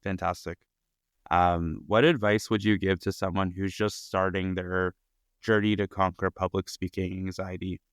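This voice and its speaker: A man hosts a podcast in a very low voice that stays flat and steady. He affirms his guest and asks measured questions. His voice is smooth and close, with a dry sound. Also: dry recording. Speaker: podcast host. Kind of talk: podcast interview.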